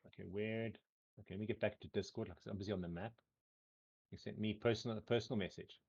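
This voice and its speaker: Low-voiced rambling game master. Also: male voice, fairly even intonation, quick pace, gravelly, a little mellow, breathy edge, highs cut off. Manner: rambling, full of "um" and repeated "cool". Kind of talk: casual tabletop game narration.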